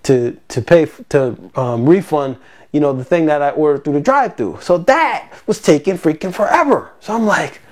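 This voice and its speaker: A parent casually telling a personal story to camera, animated and exasperated, acting out the quoted lines with big jumps in pitch. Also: normal speed. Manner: exasperated, recounting a grievance.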